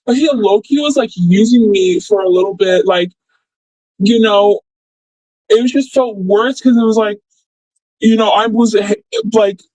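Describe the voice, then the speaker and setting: A woman's voice: medium pitch, measured pace, long pauses, a little mellow, dry recording, low-quality recording. A young woman telling a story casually, rambling and filling with "like" and "blah, blah.". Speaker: former friend recounting events.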